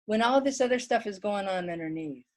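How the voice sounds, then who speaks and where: A woman's voice: mid-range voice, animated, brisk, a little mellow. A woman giving an online wellness workshop talk from home, chatty and plain-spoken, reading viewer comments aloud.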